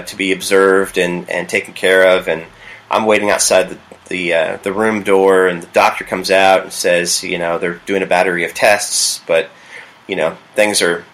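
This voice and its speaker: A man who works as a youth pastor, telling a personal story in a casual, halting way with many restarts. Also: low-pitched, fairly bright tone, poor audio. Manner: halting, with frequent restarts and fillers.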